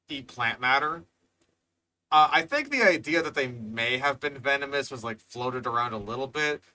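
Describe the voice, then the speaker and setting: A man's voice: medium pitch, bright, forceful tone. A man hosting a reaction video, exasperated and swearing, rambling with fillers as he comments.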